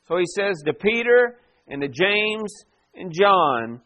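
A man preaching a sermon, reading scripture aloud and then teaching in an animated, conversational way. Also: high voice, takes it slowly. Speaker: pastor. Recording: dull lo-fi sound.

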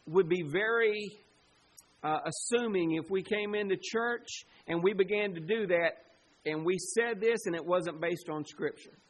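A man preaching a sermon to his congregation, with sudden loud, emphatic bursts. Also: sits high, low-quality recording. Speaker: pastor.

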